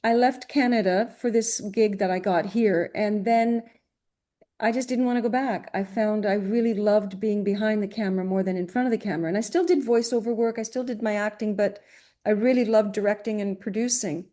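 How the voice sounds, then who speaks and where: A woman's voice: medium pitch, steady tone, fairly quick, warm tone. A middle-aged woman from Greece, a voice actress telling stories in a casual interview, chatty with many restarts and fillers. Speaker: guest, voice actress.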